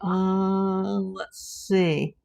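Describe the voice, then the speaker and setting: A woman's voice: mid-range voice, fairly even intonation, drawn-out words, gravelly, a little mellow. Woman livestream host, chatty, reads chat aloud and greets viewers by name.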